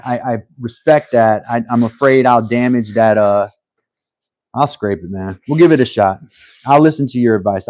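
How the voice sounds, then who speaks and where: Low-voiced man chatting while he works. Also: a little mellow, no room sound. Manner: humble, thinking aloud, halting restarts. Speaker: live-stream host. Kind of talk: casual live-stream chat while working.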